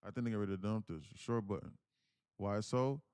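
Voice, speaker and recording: In this live trading commentary, a young day trader streams his trades and talks with his audience in a brisk, smooth voice of darkish tone, recorded without echo. He keeps things chatty, thanks his viewers, and shifts into a higher fake voice to read their comments.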